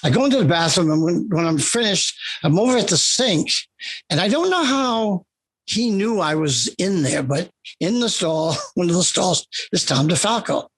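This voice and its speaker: An older man with a husky, slightly raised voice tells stories from his career. He talks in an animated, rambling way and often restarts his sentences. He is a guest being interviewed about his work. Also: high voice, moderate pace. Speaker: interview guest, comic writer. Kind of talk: anecdotal storytelling in conversation.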